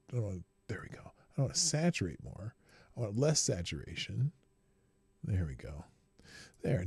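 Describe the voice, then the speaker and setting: A man's voice: medium pitch, no room sound, studio quality. A man hosting his own live morning stream, talking casually and rambling, often breaking off mid-sentence and laughing. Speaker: host.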